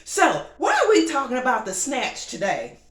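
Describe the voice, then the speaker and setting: A sassy woman host talks straight to her viewers in a casual monologue. Her voice sits on the high side, lively and laughing, and it carries a roomy echo. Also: normal speed. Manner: sassy, animated, laughs often. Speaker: show host. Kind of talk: casual talk-show monologue.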